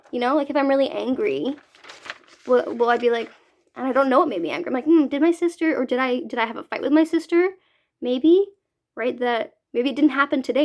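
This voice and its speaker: A woman's voice: a little high, creaky. A young woman from Canada, a youth mentor, talking casually to kids about feelings and often asking "right?". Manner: chatty, keeps asking "right?". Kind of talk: casual talk to children.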